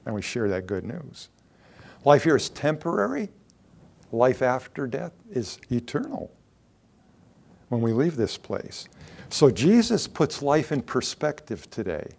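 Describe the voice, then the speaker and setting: A man's voice: medium pitch, sing-song, a little slow, creaky, pauses often, darkish tone. A man preaching a conversational sermon to a congregation, growing emphatic when he acts out quoted lines.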